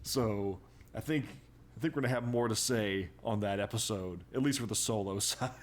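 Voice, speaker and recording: A man co-hosting a podcast in casual chat, animated and profane, with chuckling asides. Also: lowish voice, normal speed. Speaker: podcast co-host.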